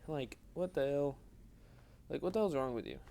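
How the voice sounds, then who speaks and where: A man's voice: a little high, animated, normal speed, vocal fry, dark tone. A young adult man giving casual, rambling, self-deprecating gameplay commentary while tired and yawning. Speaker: gaming video host.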